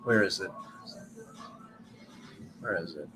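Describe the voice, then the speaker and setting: A man doing tarot readings in a casual, rambling live stream, chatty and quick to poke fun at himself. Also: on the low side, expressive, fairly bright tone, faint music behind, rough recording. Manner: chatty, rambling, self-mocking. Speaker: tarot reader.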